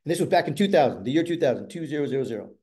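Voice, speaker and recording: A middle-aged man telling a motivational story from the stage. His voice sits a little high for a man, yet sounds mellow and warm. He swings between loud, animated bursts and quiet, hushed asides. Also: racing. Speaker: motivational speaker.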